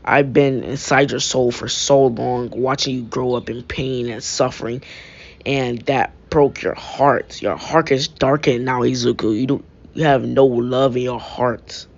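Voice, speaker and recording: A stern undead lord father, as a storyteller puts him on, speaking low and hushed with solemn weight. The pace is slow and the recording sounds dull and lo-fi. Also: fairly even intonation, gravelly. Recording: dull lo-fi mic.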